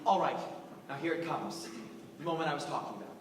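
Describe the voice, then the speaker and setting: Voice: medium pitch, fast talker, close to an everyday voice. A teenage student playing a lonely, wistful middle-aged man who confides rambling asides in a stage musical monologue, recorded far off in a school auditorium. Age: teens. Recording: echoey hall taped from far off, noisy.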